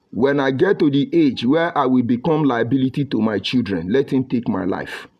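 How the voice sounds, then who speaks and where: A man's voice: medium pitch, darkish tone. A middle-aged man with a Nigerian English accent mixed with Pidgin, hosting a livestream where he reads viewer comments in a combative, mocking, preachy way. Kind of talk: live broadcast reading viewer comments.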